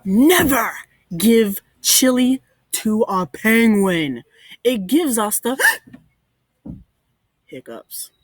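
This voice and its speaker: Hiccuping young penguin boy, fretful, gasps between words , voiced by a woman; slow, breathy. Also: on the high side, big pitch swings, no echo, full character voice. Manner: gasping hiccups mid-sentence. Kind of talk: read-aloud story voice for children.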